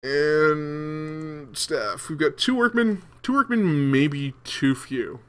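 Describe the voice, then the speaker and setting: A man's voice: fairly high pitch, takes it slowly, fairly bright tone. A young man casually commenting as he plays a game, rambling with many ums and restarts. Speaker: gaming video host. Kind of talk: casual let's-play commentary.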